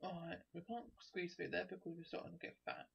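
Gravelly gamer thinking aloud. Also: medium pitch, fairly quick, slight background noise. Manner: chatty, excitable, thinks aloud. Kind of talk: casual let's play commentary. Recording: dull lo-fi recording.

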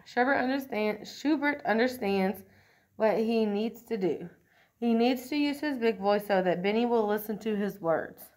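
A woman's voice: a little high, normal speed, darkish tone. Woman reading a children's story aloud.

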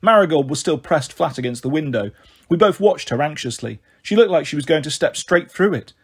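Husky-voiced man reading a novel. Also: fairly high pitch, lively intonation, fairly quick. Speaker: audiobook reader.

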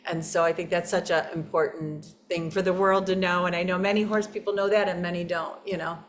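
Low-voiced woman speaking reflectively. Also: steady tone, fairly quick, slight background noise. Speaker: interview guest, equine therapist. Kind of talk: conversational interview.

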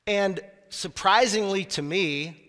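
A man's voice: high voice, slow, sharp tone. A man preaching a sermon in a conversational way, with asides to the congregation. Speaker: pastor. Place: church sanctuary. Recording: long church reverb.

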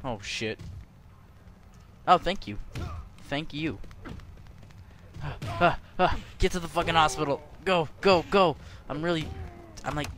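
A man's voice: fairly high pitch, measured pace, pauses often. A young man doing gameplay commentary, cursing and trash-talking the characters on screen. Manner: profane, trash-talking, yelling at game characters. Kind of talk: let's play commentary.

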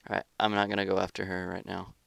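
A man giving live gameplay commentary as a gaming YouTuber, excitable, trash-talking opponents and grumbling about lag. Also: low-pitched, fast talker, gravelly, dry recording.

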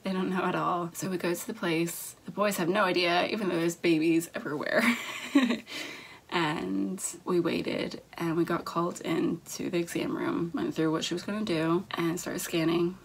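A young adult woman vlogger telling a personal story to camera, speaking haltingly with frequent restarts. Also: fairly low pitch, steady tone, gravelly, breathy edge, rough recording.

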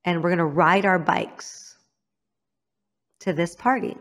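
Woman, slightly low-pitched, interview guest, candid personal storytelling, frank and self-critical. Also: slow pace. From Illinois, United States. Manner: frank, self-critical, acts out others' lines.

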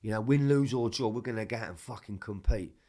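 Man, low-pitched, animated storyteller, swears a lot, casual chat. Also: fast. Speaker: podcast guest.

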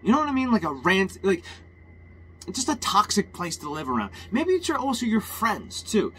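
A man's voice: high voice, wildly swooping pitch, normal speed, a bit bright, slight background noise. A man ranting in a heated, rambling personal monologue, swearing often and restarting his sentences.

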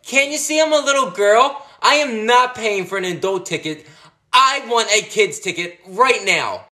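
A man doing a shrill bratty girl star. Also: lively intonation, moderate pace, bright, forceful tone, heavily acted. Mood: whiny, bratty. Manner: whiny, demanding, bursts into shrieking tantrums. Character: bratty spoiled girl pop star, childish. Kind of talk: comedy sketch parody.

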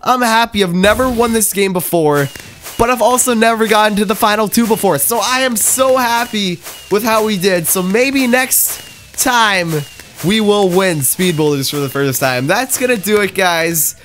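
A young man giving excitable gaming commentary, talking to himself while he plays. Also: high voice, normal speed, faint music behind. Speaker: gaming YouTuber.

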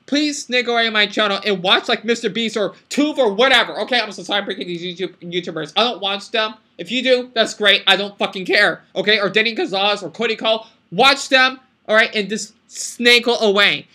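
A man's voice: high-pitched, sharp tone. A man talking off the cuff in a vlog, rambling and apologetic, tagging "okay?" and "right?" onto his sentences. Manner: emotional, apologetic, swears when upset. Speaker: vlogger reacting to news. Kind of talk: unscripted rambling commentary.

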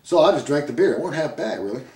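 Brash redneck, talks quickly and folksy, in an echoey room. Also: male voice, on the high side, very animated, mellow. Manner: blustering, folksy. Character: brash Southern redneck man.

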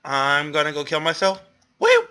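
Bright-voiced young guy commentating a game. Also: on the high side, a little slow. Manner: self-deprecating, exclamatory, laughs often. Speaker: gamer commentator. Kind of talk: casual gameplay commentary.

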